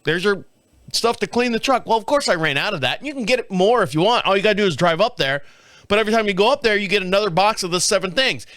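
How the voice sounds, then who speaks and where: A man's voice: high-pitched, racing, no echo, studio quality. Profane, rambling man telling a story. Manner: profane, rambling, animated with laughs and sound effects. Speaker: podcast host. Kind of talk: casual storytelling monologue.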